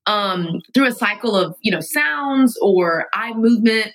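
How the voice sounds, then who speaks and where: A woman guest in a studio telling her own story candidly, emphatic and animated, sometimes laughing through her words. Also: medium pitch, measured pace, rough recording. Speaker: podcast guest.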